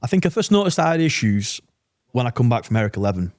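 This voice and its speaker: A man's voice: mid-range voice, big pitch swings, quick pace, darkish tone, dry recording, clean studio sound. A British man, an army veteran, telling a war story bluntly with swearing and quoted dialogue in a casual podcast interview.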